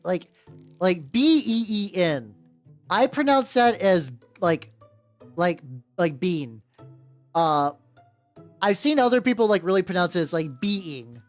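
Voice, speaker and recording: A man with a higher-register voice streaming as he paints miniatures, chatting casually with viewers and rambling with lots of "like" and restarts. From United States. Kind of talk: casual livestream chat.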